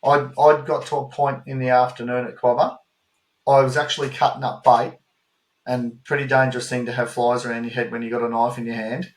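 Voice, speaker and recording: Man, Australian accent, podcast co-host, animated, swears freely, mid-pitched voice, echoey room. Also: a little fast. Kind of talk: casual chat. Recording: roomy echo.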